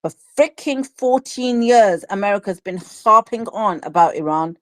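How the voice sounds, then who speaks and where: A woman's voice: mid-range voice, expressive, moderate pace, a bit bright, no room sound. A woman hosting a live audio panel, loose and chatty, with fillers as she calls on speakers. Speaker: panel host.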